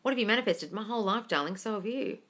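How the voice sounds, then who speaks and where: On a casual live stream, a woman reads out viewer questions and answers each in turn, speaking fast and expressively at a medium pitch. Her bright, forward voice calls viewers darling, gushing over good news before she hands out firm advice.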